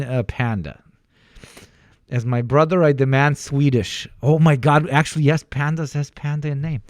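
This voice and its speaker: A man's voice: a little high, steady tone, moderate pace, dry recording, studio quality. A young man streaming reactions, rambling and joking, swearing freely as he tries out silly accents.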